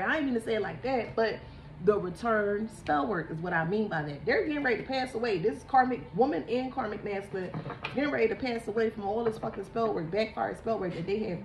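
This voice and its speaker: A woman with a mid-range voice gives a casual tarot reading, frank, emphatic and preachy, with the odd swear word. She's recorded from a distance, off-mic in an echoey room with faint hiss.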